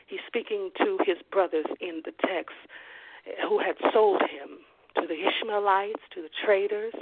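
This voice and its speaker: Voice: mid-range voice, no echo. Preacher with a tinny phone-like sound. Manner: emphatic, repeats key phrases slowly; frequent "glory to God" and "amen" interjections. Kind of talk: sermon.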